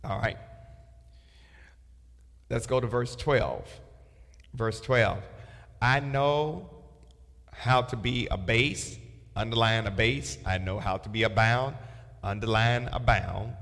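A man's voice: medium pitch, slow pace, long pauses, fairly bright tone, in a large hall. A man leading a Bible study, reading verses aloud and telling listeners what to underline and circle. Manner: reads scripture aloud with marking instructions. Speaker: pastor.

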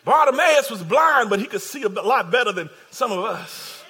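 A man's voice: sits high, lively intonation, moderate pace, sharp tone. A man preaching a sermon, building his points through repeated phrases and calling out to the congregation.

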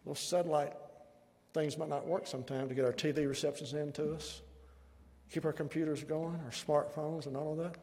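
A man's voice: a little high, fairly even intonation, fairly quick, darkish tone, long reverb tail. A man preaching a fervent sermon and leading prayer at an altar call in a church. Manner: fervent, drops to a whispered prayer. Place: church sanctuary.

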